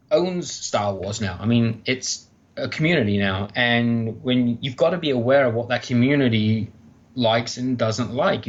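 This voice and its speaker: A man in his thirties, a guest author chatting casually on a podcast, animated and enthusiastic as he tells stories. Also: medium pitch, dull audio. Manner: enthusiastic, animated storytelling with mock exclamations.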